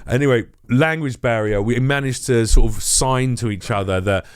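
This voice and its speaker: Profane comedian telling a story. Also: male voice, mid-range voice, normal speed, clean tone. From England. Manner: profane, animated, acts out quoted voices. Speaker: comedian guest. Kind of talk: casual storytelling interview.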